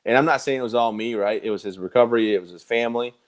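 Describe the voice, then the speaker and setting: A man who is a guest in a live interview, telling his stories in an animated, conversational way with quoted dialogue. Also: medium pitch, racing. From United States.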